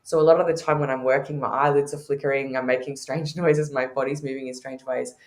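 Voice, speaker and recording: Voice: medium pitch, little pitch movement, quick pace, echoey room. A podcast guest who teaches intuition, telling candid stories with frequent laughter in a conversational way.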